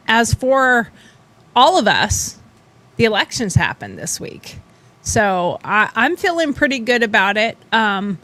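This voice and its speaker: Chatty, blunt woman, a bit high. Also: fairly bright tone. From western United States. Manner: chatty, blunt, laughs often. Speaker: podcast host. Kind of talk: casual chat.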